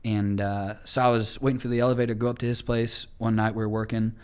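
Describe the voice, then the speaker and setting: A young man hosting a podcast, telling casual stories with lively acted-out quotes and casual swearing. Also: fairly low pitch, quick pace, smooth. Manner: animated storyteller, acts out quotes, swears casually. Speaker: podcast host. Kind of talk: casual storytelling chat.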